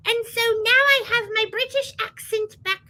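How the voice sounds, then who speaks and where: A woman voicing a silly male mascot toy who shows off his new teeth, in a shrill, theatrical, mock-posh voice. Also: expressive, unhurried, vocal fry, bright, forceful tone, exaggerated voice. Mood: grandly silly. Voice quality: shrill squealing voice.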